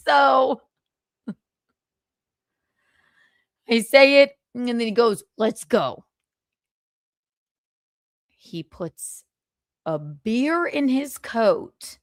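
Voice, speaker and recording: A woman's voice: fairly high pitch, expressive, drawn-out words, pauses often, no room sound, studio quality. A woman host telling a story in a casual livestream monologue, swearing freely and acting out both sides of the exchange. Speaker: podcast host.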